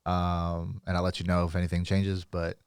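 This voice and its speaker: A man's voice: sits low, completely flat delivery, moderate pace, clean tone, dry recording, studio quality. A man co-hosting a podcast, easygoing and slangy in casual chat. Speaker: podcast co-host.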